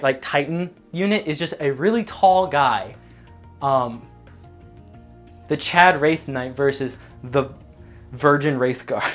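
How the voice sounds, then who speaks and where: Jokey young man with lively pitch. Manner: jokey, sarcastic, quick asides. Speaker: youtuber. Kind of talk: comedic ranking commentary.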